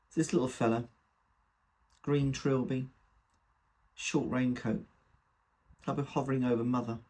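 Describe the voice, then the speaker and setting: A man's voice: mid-range voice, fairly even intonation, a little slow, long pauses, darkish tone. A man reading a comic dramatic monologue in the first person, with a wry, gossipy delivery. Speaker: reader.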